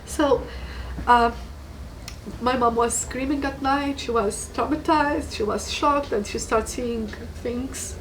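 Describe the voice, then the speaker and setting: A woman's voice: on the high side, fairly even intonation, distant mic, a little hiss or hum, low-quality recording. Earnest woman recorded from afar. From Tunisia. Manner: earnest, halting, repeats words for emphasis. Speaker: guest giving a faith testimony. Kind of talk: personal testimony.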